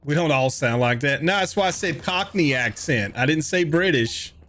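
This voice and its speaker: A man's voice: fairly high pitch, expressive, moderate pace, a bit bright. An older man with a Southern US accent, chatting casually and joking with viewers while he streams a game. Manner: joking banter with chat. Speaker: livestreamer.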